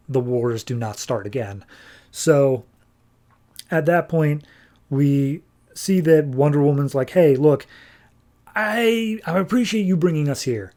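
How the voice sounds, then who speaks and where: A man's voice: mid-range voice, warm tone. A man hosting a podcast, retelling a comic book in a loose, chatty way. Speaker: podcast host. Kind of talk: casual comic book recap.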